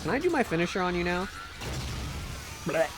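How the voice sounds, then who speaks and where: A man's voice: high voice, sing-song, rapid-fire, over music. A man streaming a game live, joking around as he plays and reads chat, often repeating words while he talks. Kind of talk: live gameplay commentary and chat reading.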